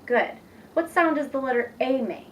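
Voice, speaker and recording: A woman's voice: high voice, expressive, dull audio. Patient young woman teaching reading. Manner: patient, encouraging, slow and clear. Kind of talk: demonstration lesson. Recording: distant mic with faint background noise.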